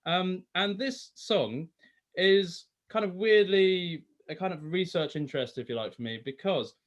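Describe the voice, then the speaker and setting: Slow, rambling man introducing a song. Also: high voice. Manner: rambling, full of fillers and self-corrections. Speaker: singer. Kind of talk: casual spoken introduction to a song. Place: home, lockdown online concert.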